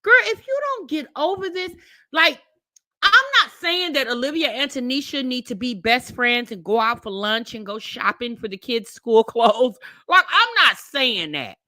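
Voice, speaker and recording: A woman hosting a reaction video, commenting on a played clip in a sassy, mocking way with loud outbursts. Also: a little high, big pitch swings, moderate pace, dry recording, studio quality.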